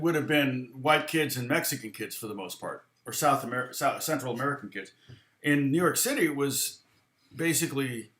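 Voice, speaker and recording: A man's voice: mid-range voice, fairly bright tone. A male guitar teacher talks through a live lesson in a mid-range voice, wandering off on tangents as he thinks aloud. He counts beats and scats rhythms as he explains them, and his voice carries a roomy echo. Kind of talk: live-stream guitar lesson, answering chat.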